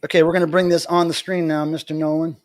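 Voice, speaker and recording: An American man hosting a livestream from home, telling a story in an animated, chatty way. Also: a little high, fast talker, no echo, clean studio sound. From United States. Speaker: livestream host.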